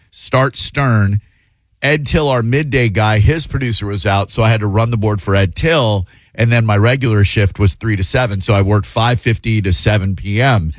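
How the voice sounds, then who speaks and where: A fill-in talk radio host in his fifties speaks in a fairly low voice. He drifts through casual, self-mocking anecdotes, leaning on fillers and restarts. The studio sound is close and dry. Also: dry recording. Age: 50s. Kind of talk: casual radio chat and storytelling. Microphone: studio broadcast mic.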